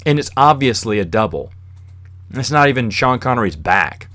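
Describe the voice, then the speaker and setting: A man's voice: medium pitch, sing-song, normal speed, a bit bright, no room sound. A man hosting a podcast on his own, telling rambling stories in a casual monologue and chuckling as he goes. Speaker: podcast host.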